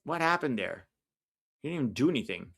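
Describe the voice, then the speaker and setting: Male stream host, casual and opinionated, reacts loudly to the play. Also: mid-range voice, sing-song, a little fast, gravelly, husky. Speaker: livestream watch-along host. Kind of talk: casual live match commentary.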